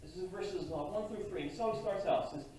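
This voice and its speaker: A man preaching a sermon as pastor, in a conversational, halting way with frequent restarts. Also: high voice, dark tone, slight background noise. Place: church sanctuary. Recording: distant mic in a very echoey church hall.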